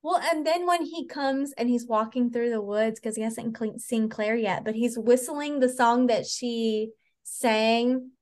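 A woman chatting on a podcast, excitable, swearing freely and acting out scenes as she retells them. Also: a little high, a little slow. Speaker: podcast co-host. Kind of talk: casual chat.

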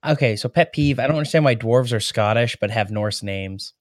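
A man's voice: mid-range voice, fairly quick, no echo. A man chatting casually on a podcast, explaining his ideas at length.

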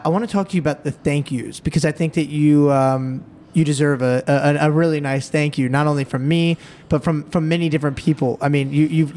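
Male host, a bit high-pitched, halting questioner with many restarts. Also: a little mellow. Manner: halting, restarts often while asking. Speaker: podcast host. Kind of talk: interview questions.

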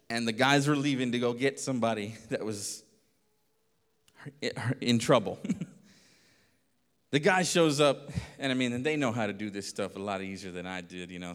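A pastor telling a lively story in a sermon, acting out voices and laughing often. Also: male voice, on the low side, smooth. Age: adult. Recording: long reverb of a hall.

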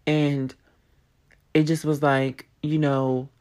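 A woman's voice: sits low, flat delivery, slow pace, a little mellow. A young woman in her twenties, a podcaster, tells a personal story in a blunt, profane, emphatic way and repeats phrases for force.

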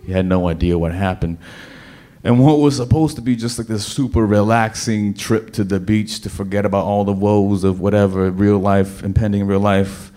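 A man with a somewhat low voice spins a story for a live crowd. He talks in an animated way, tripping over restarts and pushing hard on key words. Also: moderate pace. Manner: animated, stammering restarts, bursts of emphasis. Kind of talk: storytelling before a live audience.

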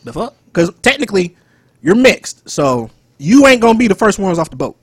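Young dude, husky lively voice, dry close mic, casual podcast banter. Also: male voice, sits high, normal speed, no room sound. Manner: animated, joking, swings loud and soft. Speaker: podcast co-host.

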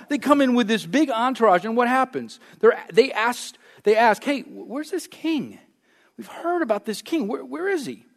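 Animated, conversational male pastor. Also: a little high. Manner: animated, conversational, rhetorical questions. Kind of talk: sermon.

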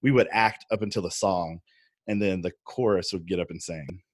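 A man's voice: low-pitched, moderate pace. A man hosting a theater podcast, talking casually and playfully with a friend, often restarting his sentences. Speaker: podcast host. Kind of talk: casual chat.

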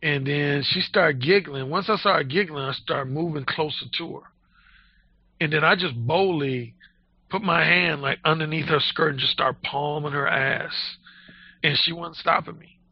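Crude blunt guy telling a story, fried gravelly voice, a bit high. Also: moderate pace. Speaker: dating advice guest. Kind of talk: casual storytelling. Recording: dull lo-fi audio.

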